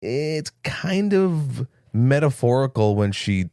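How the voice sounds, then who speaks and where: A man's voice: medium pitch, big pitch swings, slow, warm tone, no room sound, studio quality. A young man co-hosting a casual movie podcast, recapping scenes with jokes and quoted lines. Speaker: podcast co-host.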